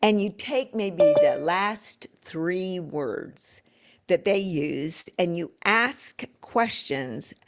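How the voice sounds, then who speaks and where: A middle-aged woman coaching live, emphatic, repeating key words and acting out sample dialogue. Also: lowish voice.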